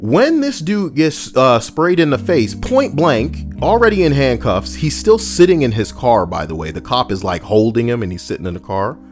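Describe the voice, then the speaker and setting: Brief: male commentator, mid-pitched, indignant and crude, very lively delivery. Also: normal speed, hardly any pauses, faint music behind. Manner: profane, indignant, mocking. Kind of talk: ranting commentary on a video.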